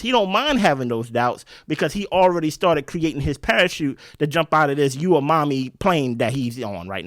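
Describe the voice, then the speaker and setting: Guy doing a reality show recap, super lively voice, dry close sound. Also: a little high, dry recording. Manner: animated, slangy, jumps into quoted voices. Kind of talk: casual recap commentary.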